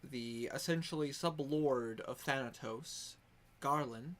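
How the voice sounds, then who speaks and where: A man's voice: mid-range voice, takes it slowly, fairly bright tone. A man narrating as dungeon master in a voice-chat tabletop game, with congested sinuses, stumbling and restarting his lines. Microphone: headset or desk mic on voice chat.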